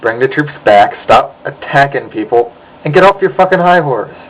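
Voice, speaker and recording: A man's voice: medium pitch, animated, normal speed, poor audio. Young man ranting angrily, swearing often. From United States. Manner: angry, profane, sighing rant. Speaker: vlogger. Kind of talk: ranting monologue.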